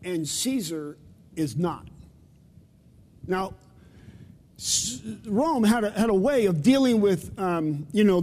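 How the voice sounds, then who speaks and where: A man preaching a sermon in a relaxed, conversational way, often turning questions back on his listeners. His voice sits high for a man, and he takes his time over the words. The sound carries the long reverb of a large church hall. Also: slight background noise. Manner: conversational, asks the congregation questions. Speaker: pastor. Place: church sanctuary.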